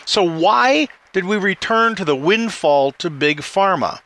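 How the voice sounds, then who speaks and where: A man's voice: sits high, lively intonation, sharp tone. A man giving political commentary, asking rhetorical questions. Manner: rhetorical questions, quick delivery.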